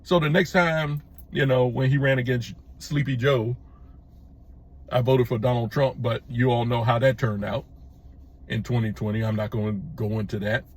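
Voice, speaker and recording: Emphatic husky-voiced man ranting to camera. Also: mid-range voice, steady tone, moderate pace. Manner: emphatic, repetitive, restarts with stammered false starts. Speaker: YouTube channel host. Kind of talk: opinion monologue to camera.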